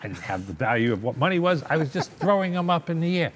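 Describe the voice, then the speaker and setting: An older man telling a long, animated story in a sit-down interview, acting out the voices of the people in it and often checking in with "okay?". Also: a little high, fast talker, a little hiss or hum. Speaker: interview guest, business owner.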